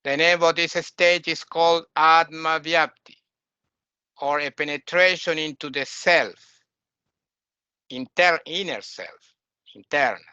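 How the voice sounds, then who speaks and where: A man's voice: fairly high pitch, slow, pauses often, bright, forceful tone, clear, resonant tone, dry recording, lo-fi sound. A man teaching a spiritual lecture, explaining terms patiently and asking his listeners questions.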